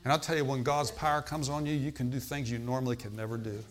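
A man's voice: medium pitch, steady tone, fast talker. Man, preacher, sermon, mid-range voice, conversational, questions to the congregation, emphatic exclamations.

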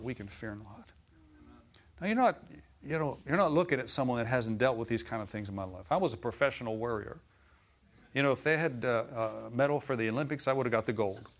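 A middle-aged man preaching a sermon in church, folksy and animated, chuckling often and calling out for amens. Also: mid-range voice.

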